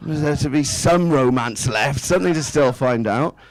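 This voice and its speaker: In his 30s, a stand-up comedian works a small indoor club stage, chatty and self-mocking as he fires rhetorical questions at the crowd. His voice is mid-range at a normal speed, and the recording quality is low.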